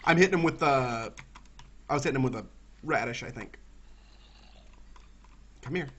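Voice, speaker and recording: Brief: Southern US male gaming host, bright, sharp tone, jumpy play-by-play. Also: mid-range voice, moderate pace, pauses often, muffled recording. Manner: excitable, talks to himself and his viewers. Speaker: gaming YouTuber. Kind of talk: let's-play commentary.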